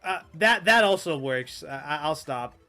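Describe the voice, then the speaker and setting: A man's voice: a little high, animated, moderate pace, pushed and bright. A man streaming a game, chatting casually and rambling with stammers, jokes at his own expense and frequent swearing. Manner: rambling, stammering, self-mocking, swears freely. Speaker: gaming streamer. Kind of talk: casual gameplay commentary.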